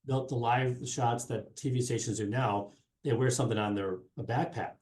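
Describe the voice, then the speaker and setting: A middle-aged man with a mellow, medium-pitched voice speaks at a normal speed in a steady tone, rambling with plenty of fillers and restarts. He's a guest in a casual interview, a sports marketing specialist and former TV reporter, recorded with a roomy echo.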